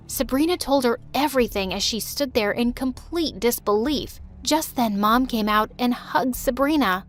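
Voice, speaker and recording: A woman's voice: a little high, moderate pace, hardly any pauses. A woman narrating a first-person drama story in a dramatic, emotional way.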